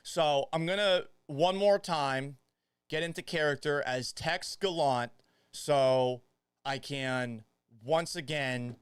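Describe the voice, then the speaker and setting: A man's voice: on the high side, slow, smooth, no echo. Joking male sports podcast host. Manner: joking, self-mocking. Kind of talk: casual sports talk monologue.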